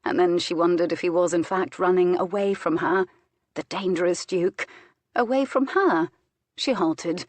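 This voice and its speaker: A woman narrating an audiobook in a measured, expressive way. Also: on the low side, dry recording.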